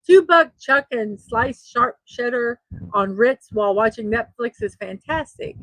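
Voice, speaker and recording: A woman's voice: on the high side, expressive, a little slow, fairly bright tone, no echo, low-quality recording. A middle-aged woman hosting a daily morning show, chatting casually and laughing at her own jokes. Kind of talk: casual solo show, reading memes aloud.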